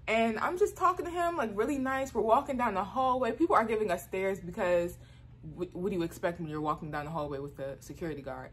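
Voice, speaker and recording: A woman telling a story in a casual vlog, animated, full of "like" fillers, her voice jumping up into high squeals as she exclaims. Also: fairly quick, slightly rough. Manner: frequent "like" fillers.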